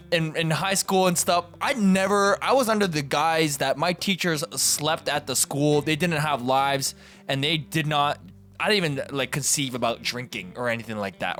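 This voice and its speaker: A young man hosting a podcast, telling stories in a casual, animated way and acting out what other people said. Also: fairly high pitch. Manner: animated, acts out voices in quotes. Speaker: podcast host. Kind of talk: casual storytelling.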